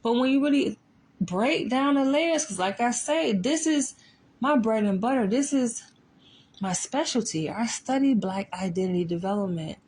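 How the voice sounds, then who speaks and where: A woman's voice: on the high side, lively intonation, normal speed, darkish tone, husky. A woman psychologist talking casually and emphatically, often tossing in rhetorical asides. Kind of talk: casual commentary.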